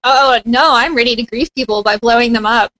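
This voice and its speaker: Bubbly, bright-voiced woman guest. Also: a little high, brisk, no room sound, low-quality recording. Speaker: podcast guest. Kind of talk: casual gaming podcast chat.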